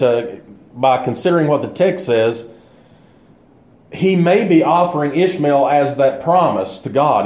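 A man's voice: fairly high pitch, warm tone. A man teaching a bible study in a conversational way, thinking aloud with fillers and restarts. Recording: echoey room.

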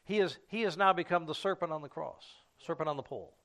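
A man's voice: fairly high pitch, a bit bright. A man delivers a sermon in a slightly raised voice, reading verses and explaining them at an easy pace. He stumbles often, filling gaps with "uh" and restarting his sentences. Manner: unhurried Bible teaching with frequent fillers and restarts. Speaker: preacher.

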